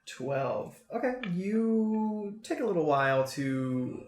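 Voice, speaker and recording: A man narrating as game master of a tabletop game, relaxed and easygoing. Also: sits high, slow pace. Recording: roomy echo.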